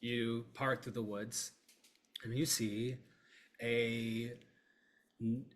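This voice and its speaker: A man's voice: mid-range voice, very slow. A man narrating as game master of a tabletop game, easygoing with lots of ums. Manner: relaxed, filler-heavy narration. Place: streaming setup, live online.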